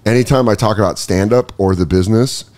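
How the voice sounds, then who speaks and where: A man hosting a comedy podcast, riffing casually and slipping into quick put-on voices for jokes. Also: fairly low pitch, a little mellow. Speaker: podcast host.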